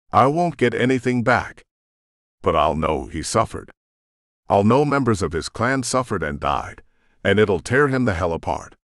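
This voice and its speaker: A bitter, vengeful rogue shifter sneers his threats in a deep, low voice, as a man acts him out. His taunting lines rise and fall widely. The sound is dry and close, with no room around it. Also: a bit bright, no echo, heavily acted.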